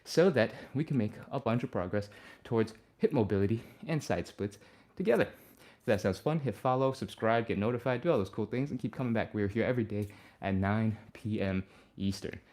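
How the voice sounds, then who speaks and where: A man leading a live stretching workout as the instructor. He talks through each move in a relaxed, upbeat way and sighs and breathes audibly between cues. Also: on the low side, fairly quick, hardly any pauses. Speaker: fitness instructor.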